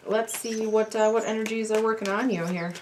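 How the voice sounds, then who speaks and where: Woman tarot reader, casual and sassy, at home, with clear background noise. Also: on the high side, fairly even intonation, a little fast, darkish tone. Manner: chatty, sassy and swearing.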